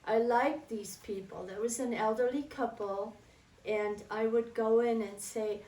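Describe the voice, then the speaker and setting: Woman storyteller, chatty and reminiscing, slightly high pitch; roomy, distant recording. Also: steady tone, measured pace. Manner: warm, chatty, fond reminiscing. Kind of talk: personal storytelling.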